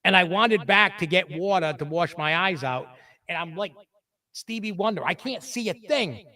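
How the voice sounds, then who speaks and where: Animated high-voiced man, set back from mic. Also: normal speed, recorded from a distance. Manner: animated storyteller, acts out quotes in a lower voice. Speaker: podcast host. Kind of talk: casual chat, telling stories.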